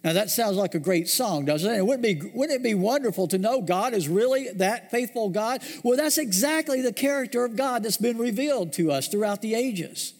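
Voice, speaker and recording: Male pastor, higher-pitched voice, storytelling sermon with slow emphatic drops; reverberant sanctuary. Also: lively intonation.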